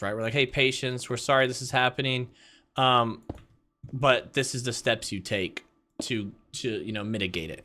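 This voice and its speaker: A young man vlogging casually, retelling a workplace clash to his viewers in an animated, repetitive way and addressing them directly. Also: mid-range voice. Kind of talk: casual storytelling to camera.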